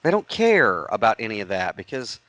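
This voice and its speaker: A lower-pitched man co-hosts a casual podcast and rambles through a story with many restarts. His voice sits in a dry, close recording with no room sound. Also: very animated, brisk, a bit bright, dry recording, rough recording. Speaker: podcast co-host.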